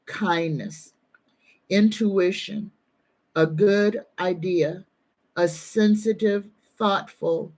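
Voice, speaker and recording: Slow, earnest woman psychic medium. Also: fairly low pitch, a little mellow. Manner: slow, earnest, soothing, emotional. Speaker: psychic medium and tarot reader. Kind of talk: live-stream reading.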